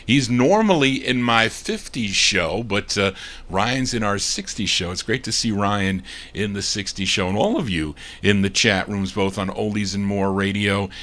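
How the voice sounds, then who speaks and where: A man's voice: on the low side, normal speed, pushed and bright. Chatty man spinning oldies records. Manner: chatty, reads label details aloud, stumbles and self-corrects. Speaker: radio show host. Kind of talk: casual record-spinning DJ patter.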